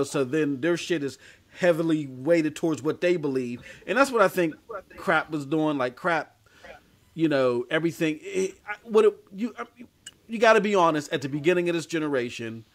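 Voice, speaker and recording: A man's voice: on the high side, normal speed. A man hosting a casual podcast, talking loosely with plenty of swearing and laughter. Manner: profane, laughing, loose and rambling. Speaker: podcast host.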